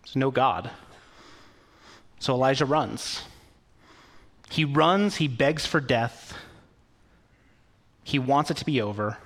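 A man's voice: medium pitch, slow pace, pauses often, fairly bright tone. A man preaching a sermon in a conversational, storytelling way, with occasional fillers. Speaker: pastor.

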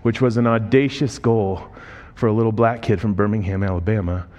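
A man's voice: on the low side, fairly quick. A man preaching through personal stories in a conversational way, quoting the people in them. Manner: emotional, voice rising and breaking when moved; conversational, quotes people in lively voices. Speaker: speaker telling ministry stories. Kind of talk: sermon storytelling.

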